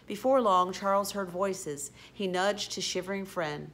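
A woman reading a children's storybook aloud, expressive with occasional slips and restarts. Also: mid-range voice, unhurried. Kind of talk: storybook read-aloud narration.

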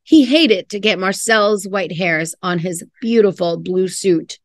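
A woman's voice: mid-range voice, no echo, studio quality. A woman teacher reading a picture book aloud to children, stopping to explain words and wonder about the story. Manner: slow and expressive, pausing to explain and wonder aloud. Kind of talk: children's read-aloud with commentary.

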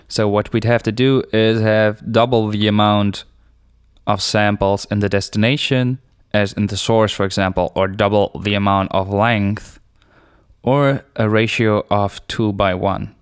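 Man, tutorial host, relaxed explainer, somewhat low voice, dry close sound. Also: unhurried, clean tone, dry recording. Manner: relaxed, explanatory, unscripted with fillers. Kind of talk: screencast tutorial narration.

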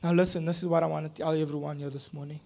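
A man preaching a sermon in a church, talking casually with slang and swinging from quiet scripture reading to loud urgent pleading. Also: a little high, little pitch movement, racing, gravelly.

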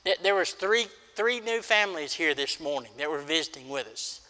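A man's voice: fairly high pitch, lively intonation, normal speed, pushed and bright. A middle-aged man preaching a sermon as pastor, folksy and emphatic, telling stories. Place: church sanctuary. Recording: church hall reverb.

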